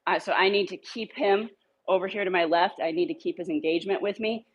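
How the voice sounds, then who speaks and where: A woman's voice: a little fast, breathy edge, dull audio. Upbeat woman dog trainer, coaxing. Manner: upbeat, coaxing praise to dogs in a high sing-song. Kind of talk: casual training demo, talking to camera and dogs.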